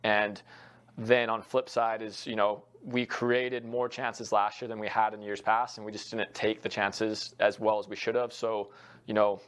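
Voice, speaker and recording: A man's voice: fairly low pitch, flat delivery, unhurried, a bit bright. A young man, a college soccer head coach, giving earnest, reflective interview answers with frequent fillers.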